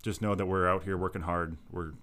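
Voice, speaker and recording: A man co-hosting a casual podcast, thanking listeners in a relaxed, folksy way with many fillers. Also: sits low, brisk. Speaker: podcast co-host. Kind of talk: casual chat. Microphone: remote call.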